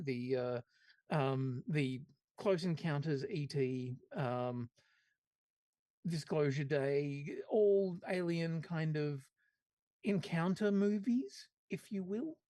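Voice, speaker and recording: An easygoing podcast host chats in casual banter. The pitch stays lively. The voice is recorded dry and close. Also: no echo.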